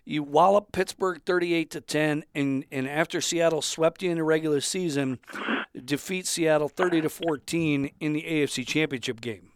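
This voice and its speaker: Male host, slightly higher voice, precise with facts, dry close sound. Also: normal speed, clear, resonant tone, no room sound. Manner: recites facts and scores precisely. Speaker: interview host. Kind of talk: interview questions.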